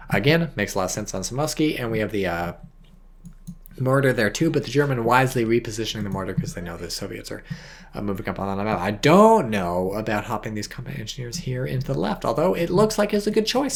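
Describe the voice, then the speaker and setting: A tipsy man doing casual, rambling game commentary as a shoutcaster, swearing freely and making self-mocking asides. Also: mid-range voice, creaky. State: tipsy from wine.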